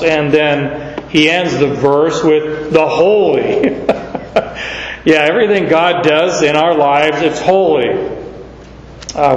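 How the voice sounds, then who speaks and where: Male preacher, middle-aged, from Arizona; unhurried sermon delivery, muffled echoey hall sound. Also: on the high side. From Arizona, USA. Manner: unhurried storytelling with sudden emphatic rises. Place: large hall or church.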